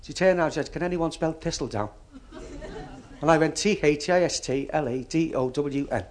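High-voiced man telling family jokes. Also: moderate pace, some chatter behind. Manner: chatty family anecdotes with acted dialogue. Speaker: stand-up comedian. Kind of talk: stand-up joke telling.

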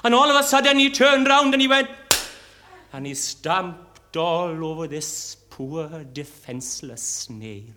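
High-voiced man singing comic songs. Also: lively intonation, unhurried, noisy background. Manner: jokey storytelling between sung choruses. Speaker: folk club comic singer. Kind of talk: comic song with spoken patter. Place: club, live on stage.

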